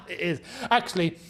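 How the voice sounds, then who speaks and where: His voice is high, pushed, and bright: a young man from London running a live football watchalong. He keeps things chatty, laughs frequently, and reads out the super chats viewers send in.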